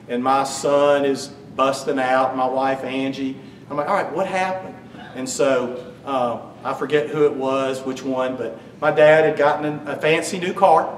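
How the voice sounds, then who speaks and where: In a memorial service hall, a man with a mid-range voice gives a eulogy full of humorous stories, joking with the audience in a warm storytelling manner. He's captured from far off in the echoey room, a faint hum beneath.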